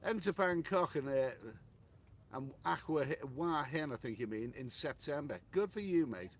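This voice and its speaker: A middle-aged man chats loosely on a live stream from a hotel room. His voice sits a little high, and he repeats himself and restarts his sentences as he answers viewers. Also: lively intonation, normal speed, slight background noise. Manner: chatty, rambling, repeats words and restarts, says mate. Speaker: travel livestream host reading viewer chat. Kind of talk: casual live-stream chat.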